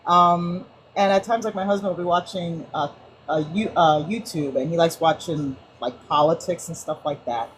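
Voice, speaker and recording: This is a woman speaking up on an online group call, telling everyday stories with plenty of energy and quick restarts. She acts out the quoted bits of her anecdotes and keeps the tone conversational. A faint hiss sits behind her voice. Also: fairly low pitch, low-quality recording. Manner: animated storyteller, many restarts and acted-out quotes. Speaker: book club participant. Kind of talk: casual sharing in a group call.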